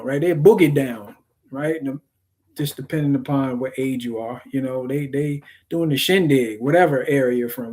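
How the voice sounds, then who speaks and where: A man's voice: mid-range voice, darkish tone. Male host, informal sermon storytelling, keeps checking in with listeners. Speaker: teacher and channel host.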